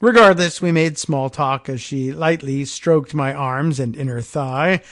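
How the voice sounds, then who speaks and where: At a measured pace, a fairly high-voiced podcast host reads out a long story told in the first person. He speaks dryly and close to the mic with no echo, often dropping into soft, sardonic side remarks between passages.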